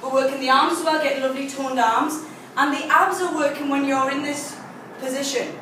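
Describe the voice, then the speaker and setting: A woman's voice: high voice, steady tone, a little fast, bright, forceful tone. A woman coaching a workout video, cueing encouragement while exercising and getting out of breath. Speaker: fitness instructor. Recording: very echoey room, distant mic, faint noise.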